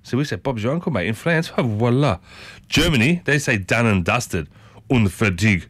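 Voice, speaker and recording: An Australian man hosting a morning radio show, chatting casually and rambling, with big upward swings in pitch, on a studio microphone. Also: sing-song, fairly quick, a bit bright, no room sound. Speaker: radio host.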